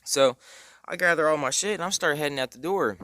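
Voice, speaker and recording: A man's voice: fairly high pitch, brisk, bright, forceful tone, no room sound, clean studio sound. A young man telling a casual story, rambling with lots of slang, fillers and cursing. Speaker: storytime vlogger.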